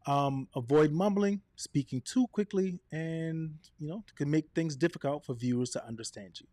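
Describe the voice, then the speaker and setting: A man presenting a live online coaching session, energetic and direct, swinging his voice up and down and checking in with "right?" and "okay?". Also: a little high, no room sound, studio quality. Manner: energetic, varies his voice up and down, quick asides. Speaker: presenter of a live video workshop.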